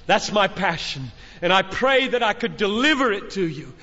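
Addressing a large conference crowd, a man preaches as a father, his earnest exhortation building through emphatic repetition. His voice is high and fairly bright, with lively intonation and a moderate pace. The hall recording sounds muffled, with long reverb.

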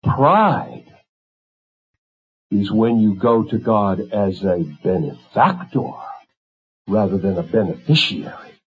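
A man preaching a sermon with impassioned intensity, swinging from fervent, rising pleas to hushed, quiet emphasis. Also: on the low side, lively intonation, takes it slowly, pauses often, slightly rough, phone-quality sound.

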